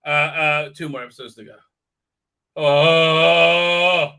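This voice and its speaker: A man hosting a live stream rants in a sarcastic, crude way and keeps stalling with filler sounds. His voice sits a little high and sounds very bright and tense. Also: normal speed. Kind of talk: ranting pop-culture commentary.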